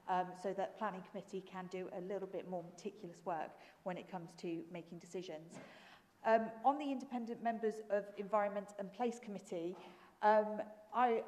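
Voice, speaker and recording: A woman's voice: medium pitch, darkish tone. A woman leader speaking in a council meeting debate, earnest, with frequent ums and restarts. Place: large council chamber. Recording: long hall reverb.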